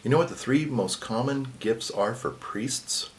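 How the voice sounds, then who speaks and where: A man, a Catholic priest, telling a personal story in a casual vlog, swinging between loud emphasis and hushed asides. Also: mid-range voice, unhurried, a little hiss or hum.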